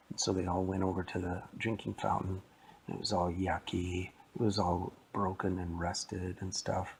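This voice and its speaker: A man's voice: lowish voice, fairly even intonation, moderate pace, darkish tone, a little hiss or hum, low-quality recording. A man telling a playful, rambling story that he makes up as he goes. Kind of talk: improvised spoken story.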